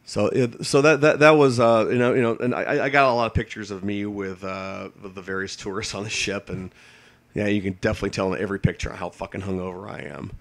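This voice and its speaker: A man's voice: fairly low pitch, steady tone, quick pace. A man, a navy veteran, tells stories casually and rambles, with many restarts, fillers and swearing. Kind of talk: casual storytelling.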